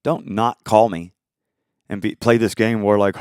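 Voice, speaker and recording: A man in an angry, profane, unscripted rant, swinging between shouting and muttering. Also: fairly low pitch, moderate pace, clean tone, no echo, clean studio sound.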